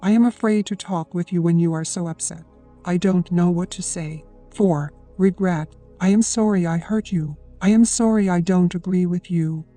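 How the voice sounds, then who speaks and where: Mellow-voiced audiobook narrator. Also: mid-range voice, moderate pace, soft background music. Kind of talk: scripted narration.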